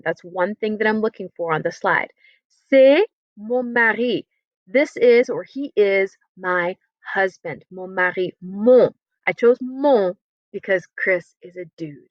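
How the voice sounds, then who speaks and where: A woman teaching a French lesson in English, upbeat and encouraging, sounding words out slowly. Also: medium pitch, a bit bright, dry recording. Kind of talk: recorded remote lesson. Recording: dry, slightly dull computer-mic audio.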